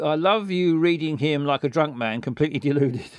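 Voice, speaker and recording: A man's voice: a little high, fairly quick, hardly any pauses, dry recording. A man, giving bawdy, joking commentary on a game stream.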